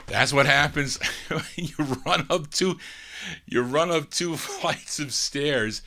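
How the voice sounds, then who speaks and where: A man's voice: on the high side, takes it slowly, creaky, bright, forceful tone. A man hosting a live oldies record show, chatting between records and talking to listeners, laughing as he goes. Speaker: oldies radio show host.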